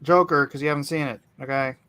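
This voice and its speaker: A man's voice: a little high, fairly even intonation, bright, forceful tone, smooth. Teasing man in casual chat. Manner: teasing, quick to laugh.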